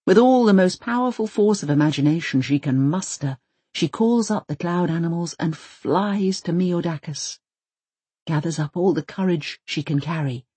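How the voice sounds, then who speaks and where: A woman narrating an audiobook in a measured, gentle storytelling manner. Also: on the low side, slightly rough, no room sound.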